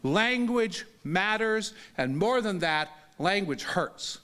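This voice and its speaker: A man, a disability advocate, telling personal stories in an earnest talk, with halting restarts and an emphatic delivery. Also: lively intonation, pushed and bright, clean tone. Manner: earnest, halting restarts, pitch rising sharply when emphatic. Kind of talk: storytelling talk to an audience.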